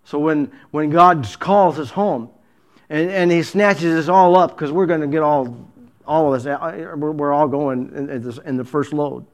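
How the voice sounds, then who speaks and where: Higher-voiced man preaching a story. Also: moderate pace. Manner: dramatic retelling with acted dialogue, frequent restarts. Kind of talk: storytelling sermon.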